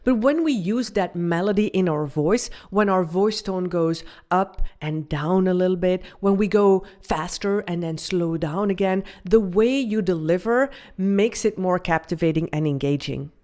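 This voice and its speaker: A woman's voice: lowish voice, unhurried, hardly any pauses, dark tone. A woman host giving upbeat, scripted commentary about communication and confidence. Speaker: video host and communication coach.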